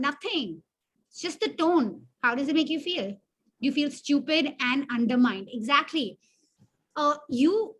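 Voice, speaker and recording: Woman workshop mentor, high voice, conversational and self-mocking, draws the audience in. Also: a bit bright. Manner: chatty, self-deprecating, asks the audience questions. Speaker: webinar mentor. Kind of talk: interactive online workshop teaching.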